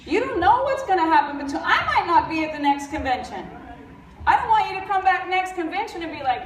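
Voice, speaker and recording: A high-voiced, congested woman speaks bluntly and with fire at a convention, cracking jokes to the crowd. Her voice carries around a big echoey hall, picked up from well back from the mic. A steady hum of room noise sits under her. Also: a little fast. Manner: blunt, fired-up, jokey. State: stuffy, congested. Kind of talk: motivational stage talk. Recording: roomy hall audio from far off.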